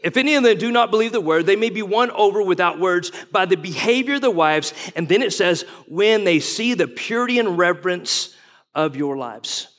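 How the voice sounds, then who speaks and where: A man's voice: sits high, lively intonation, moderate pace, a bit bright. A man in his forties, a guest pastor, preaching in a folksy, conversational way and asking the congregation questions. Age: 40s. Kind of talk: sermon. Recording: long reverb of a large hall.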